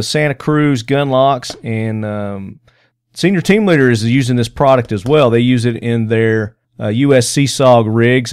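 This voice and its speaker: A man's voice: medium pitch, darkish tone, clean tone, no room sound, clean studio sound. A man hosting a podcast, talking loosely and jokily with lots of fillers, recording at a busy convention booth. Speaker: podcast host. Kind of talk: casual podcast chat. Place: convention booth on a show floor.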